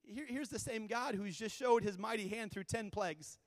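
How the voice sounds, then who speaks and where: A man's voice: sits high, normal speed, no room sound, long reverb tail. A male pastor preaching a sermon with fervent, repeated refrains.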